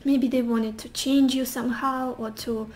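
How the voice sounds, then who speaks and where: A woman's voice: fairly high pitch, steady tone, normal speed, a little mellow, slight background noise. A young woman giving a casual tarot reading, musing intuitively with sassy asides. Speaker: tarot reader.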